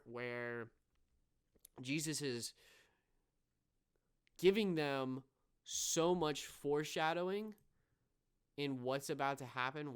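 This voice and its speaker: Earnest young man recapping, smooth voice. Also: mid-range voice. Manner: earnest, retells scenes with many fillers. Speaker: podcast co-host. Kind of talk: casual show review.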